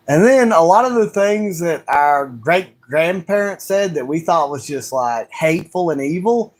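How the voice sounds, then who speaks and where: Heated high-voiced man ranting. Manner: heated, ranting, repeated rhetorical questions. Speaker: livestream host. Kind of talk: solo livestream monologue.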